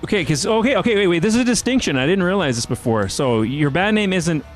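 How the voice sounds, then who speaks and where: A man's voice: high-pitched, expressive, fast, faint music behind. A man with a Canadian accent hosting a casual webcast interview, loose and joking, swearing freely. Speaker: webcast host.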